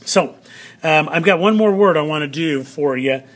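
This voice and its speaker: A male teacher giving a vocabulary lesson to students, drawing out words slowly and checking in often. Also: on the high side. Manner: slow, drawn-out word pronunciation with frequent "all right" check-ins.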